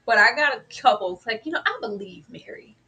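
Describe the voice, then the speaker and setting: Lively, bright-voiced woman reviewer. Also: a little high, quick pace, breathy edge. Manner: animated, laughing, acts out characters' lines. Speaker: TV review show co-host. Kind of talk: casual review chat.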